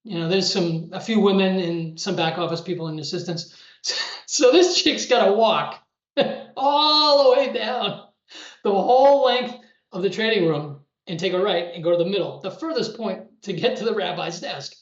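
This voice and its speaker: Chatty high-voiced man, roomy sound. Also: lively intonation, normal speed. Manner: chatty, with frequent restarts and laughing asides. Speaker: storyteller recounting trading days. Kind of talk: casual spoken anecdote. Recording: roomy, muffled recording.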